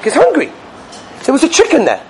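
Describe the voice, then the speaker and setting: A man teaching in a yeshiva, giving a sermon full of stories, animated and dramatic, sprinkling Yiddish and Hebrew words. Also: very high voice, brisk, a little hiss or hum, rough recording. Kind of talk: sermon with storytelling.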